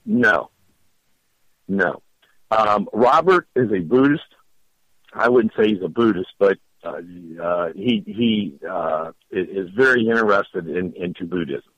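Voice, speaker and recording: A middle-aged man with a very low voice tells a story in a casual, rambling way, stumbling over and repeating his words as he goes. His voice sounds dry and close, with a slightly dull, lo-fi tone. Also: slow, a bit bright, no room sound. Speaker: storyteller guest.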